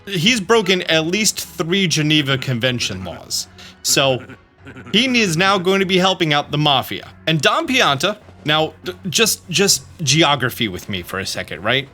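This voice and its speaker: A man's voice: fairly high pitch, big pitch swings, a little slow, bright, forceful tone, faint music behind. A young man giving joking, rambling gameplay commentary as a let's play host.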